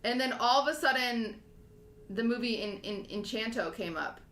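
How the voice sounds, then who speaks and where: A woman's voice: fairly high pitch, expressive, normal speed, fairly bright tone. Woman co-host, twenties, rambling emotional storyteller, roomy echo. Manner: rambling, emotional, laughs often. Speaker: podcast co-host. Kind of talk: casual chat, animated storytelling. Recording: echoey room.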